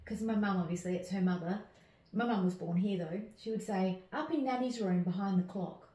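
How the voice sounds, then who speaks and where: A woman hosts a relaxed chat, encouraging her guest and laughing easily. Her voice sits at an ordinary pitch. The room adds a noticeable echo. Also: brisk. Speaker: host. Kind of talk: casual interview chat. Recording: roomy echo.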